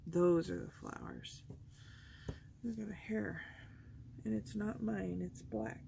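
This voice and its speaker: A woman's voice: mid-range voice, slow, creaky, dark tone, slight background noise. A woman hosting a craft video, chatting casually and thinking aloud as she works at her table. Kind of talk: casual chat while crafting.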